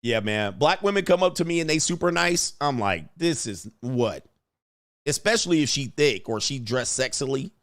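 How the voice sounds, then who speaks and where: A man hosting a casual livestream, talking animatedly and swinging between mocking high voices and low mutters. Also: expressive, moderate pace, no echo, clean studio sound. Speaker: host.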